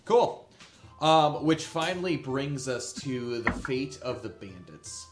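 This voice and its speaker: A man narrating a tabletop game as game master, in a casual, halting way with many fillers. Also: medium pitch, expressive. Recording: echoey room with faint music.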